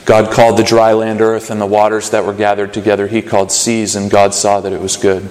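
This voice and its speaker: A man's voice: lowish voice, monotone, brisk, a little mellow. Preaching man in an echoey hall. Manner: earnest, rising to urgent questions, with fillers and restarts. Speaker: pastor. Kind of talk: sermon.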